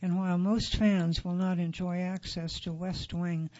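A man narrating a magazine feature in a steady, neutral read-aloud delivery. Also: high-pitched, a little slow, muffled recording. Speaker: article narrator.

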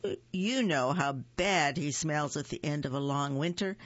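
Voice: mid-range voice, moderate pace, fairly bright tone, no echo, highs cut off, lightly acted. A reader doing a grumpy sleepy rabbit. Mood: grumbling. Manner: grumbling, sighing.

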